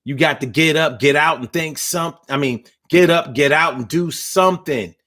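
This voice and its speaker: A man's voice: fairly high pitch, moderate pace, fairly bright tone. A man hosting a casual livestream talk, ranting bluntly and profanely in slangy street talk while reading viewer comments. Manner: blunt, profane, preachy rant.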